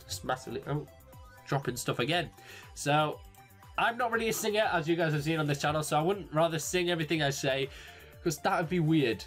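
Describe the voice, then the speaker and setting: A young man from England with an English accent, chatting casually and jokily to camera as a YouTuber, rambling and quick to exclaim. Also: on the high side, a bit bright, faint music behind. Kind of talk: casual solo commentary. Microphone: desk microphone.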